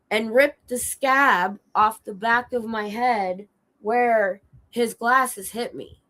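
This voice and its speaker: A sick, hoarse woman chatting casually on her stream, telling an animated story and acting out quoted lines with a bit of swearing. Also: mid-range voice, rough recording. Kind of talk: casual chat. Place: home streaming setup.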